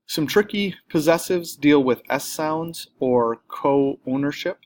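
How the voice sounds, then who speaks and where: A man's voice: on the high side, slow, a little mellow. A man teaching a recorded grammar lesson, explaining plainly step by step, with an occasional filler or self-correction.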